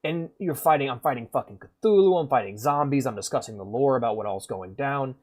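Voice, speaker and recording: A man streaming games who talks in a rambling, profane, animated way and acts out game characters as he goes. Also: mid-range voice, fairly quick. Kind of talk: casual gaming commentary.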